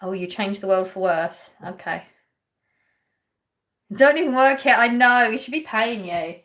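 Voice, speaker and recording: A woman's voice: on the high side, expressive, a little slow, a bit bright. Chatty English woman streaming live. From England. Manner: chatty, laughs often, teasing viewers. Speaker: livestream host. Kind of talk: casual live-stream chat, reading viewer comments aloud.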